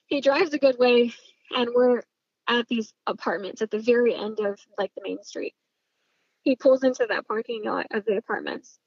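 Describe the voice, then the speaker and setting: Woman, husky breathy voice, fairly high, intense casual storytelling, swears, dry dull recording. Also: no room sound. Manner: intense, swears freely, trails off with fillers. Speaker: storyteller recounting a personal family event.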